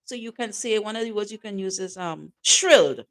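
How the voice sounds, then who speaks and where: A woman's voice: medium pitch, lively intonation, fairly quick. A woman co-hosting a talk show, giving casual advice and teasing her co-host, laughing often.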